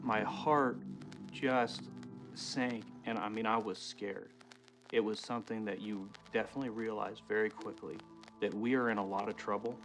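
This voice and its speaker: A man in his twenties giving halting, reflective testimony about surviving a robbery, in a documentary interview. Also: fairly low pitch, fairly even intonation, over music, rough recording. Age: 20s. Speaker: survivor telling his story.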